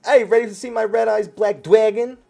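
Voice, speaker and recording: A man's voice: sits high, steady tone, brisk, gravelly, warm tone, voice pushed up, exaggerated voice. A man doing a forced, mocking impression of a brash young male card duelist with a mock New York accent. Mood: cocky.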